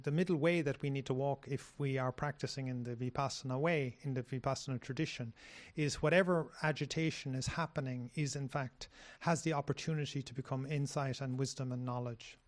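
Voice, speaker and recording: A man in a meditation discussion, speaking haltingly with many pauses and restarts. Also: mid-range voice, steady tone. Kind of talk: dhamma discussion.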